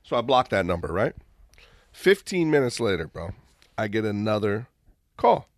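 A man's voice: moderate pace, dry recording, clean studio sound. A man co-hosting a casual podcast, telling a story with lots of energy and acting out phone calls. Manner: animated storyteller who acts out phone calls in a high mimicking voice. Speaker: podcast co-host, restaurant owner.

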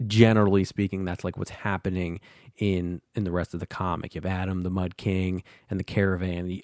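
A man's voice: deep voice, darkish tone, no echo, studio quality. Laid-back swearing podcast guy. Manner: loose, rambling, swears often. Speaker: comic book podcast host. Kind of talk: casual comic recap.

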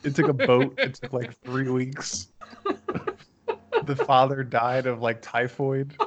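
A man's voice: medium pitch, lively intonation, takes it slowly, muffled recording, noisy background. A man casually recapping a movie with a friend, joking crudely and laughing often. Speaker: podcast co-host.

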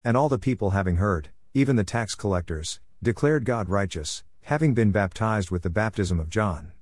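Low-voiced man reading scripture aloud. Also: normal speed, a little mellow, no room sound, studio quality. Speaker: scripture reader.

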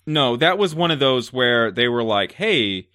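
A man co-hosting a casual movie review chat, ranting in an animated way and filling his talk with "like". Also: medium pitch, normal speed, no echo, clean studio sound. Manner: animated ranting, filler-heavy. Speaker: podcast co-host.

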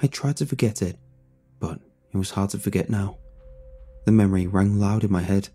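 A man narrating a first-person story in a measured, somber way. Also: lowish voice, dark tone, slightly rough, soft background music.

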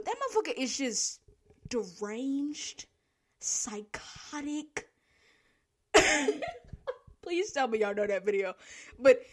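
A young woman telling a casual, profane story about her work, laughing often as she talks. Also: on the high side. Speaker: store worker telling work stories.

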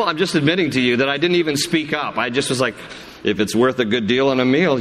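A man, a pastor, talking in a conversational, self-deprecating way during a sermon question-and-answer session, animated when he tells stories. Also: medium pitch, a little fast, slight background noise. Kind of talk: sermon Q&A with congregation. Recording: long hall reverb.

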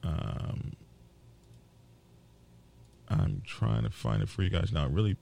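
A man hosting a biker news show, talking casually to his viewers in a halting, indignant way with many fillers and repeated words. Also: low-pitched, big pitch swings, vocal fry, dark tone. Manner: worked up and indignant.

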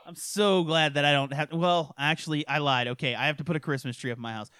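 A man's voice: fairly high pitch, steady tone, fast talker, pushed and bright, smooth, no room sound, studio quality. A man co-hosting a podcast, ranting and swearing in crude casual chat, laughing often. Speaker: podcast co-host.

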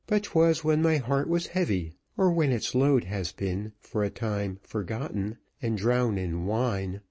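A man reading a novel aloud, voicing a gentle, wistful woman who was once a celebrated singer. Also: fairly low pitch, animated, unhurried, muffled recording.

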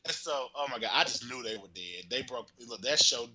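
A man casually chatting and retelling a soap opera, animated and rambling, with frequent cursing. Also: medium pitch, fairly quick, poor audio. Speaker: storyteller recapping a soap opera. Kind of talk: casual chat.

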